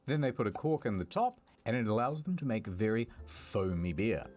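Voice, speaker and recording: A man's voice: fairly low pitch, expressive, normal speed, a little mellow, soft background music. A man narrating a history comedy video in a playful, mock-dramatic way.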